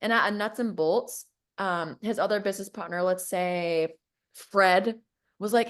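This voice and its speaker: A woman casually telling a personal story on a podcast, full of likes and whatevers, jumping up in pitch whenever she quotes someone. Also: unhurried. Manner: animated, acts out quoted voices with big pitch jumps; filler-heavy, says like and whatever often.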